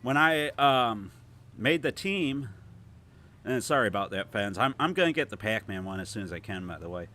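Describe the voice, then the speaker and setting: A man's voice: on the low side, lively intonation, moderate pace, sharp tone, a little hiss or hum. A man with a Toledo, Ohio accent hosting a casual gameplay livestream, chatting loosely and reading viewer comments aloud. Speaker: livestream host.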